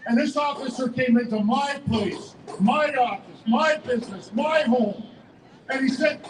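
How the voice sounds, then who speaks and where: A man giving an emotional, stammering speech at an outdoor protest rally, heard through an echoey loudspeaker from a distance. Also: very high-pitched, moderate pace, background noise. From Canada. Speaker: rally speaker, business owner. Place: outdoor city square rally.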